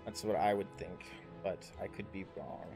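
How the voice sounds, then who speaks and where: A man's voice: low-pitched, steady tone, normal speed, vocal fry, music in the background. A man running a tabletop game as dungeon master on a livestream, coaching his players in an instructive way.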